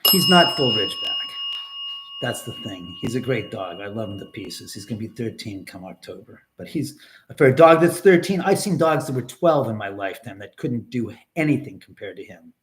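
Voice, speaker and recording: Speaking a little fast in a lowish, expressive voice over slight background noise, a middle-aged livestream host rambles to viewers indoors at home. He addresses both the chat and his dog, and curses when he gets angry.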